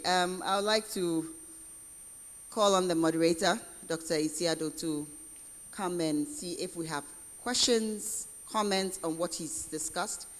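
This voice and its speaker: Formal conference host in a reverberant hall. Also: mid-range voice. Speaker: event host. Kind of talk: announcing at a conference.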